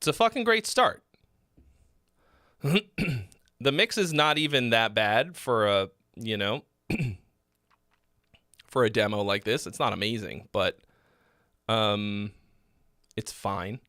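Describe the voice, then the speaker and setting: A man hosting a live song-feedback stream, speaking bluntly with many fillers and frequent throat clearing. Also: lowish voice, expressive, slow pace, pauses often, pushed and bright, no echo, studio quality. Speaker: host giving song feedback. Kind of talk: casual live critique.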